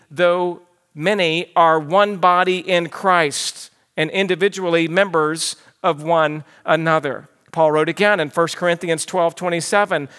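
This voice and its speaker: A man preaches an expository sermon in an earnest, teaching tone. His voice sits high and bright. He slows down deliberately to stress his key points. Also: clear, resonant tone. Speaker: pastor.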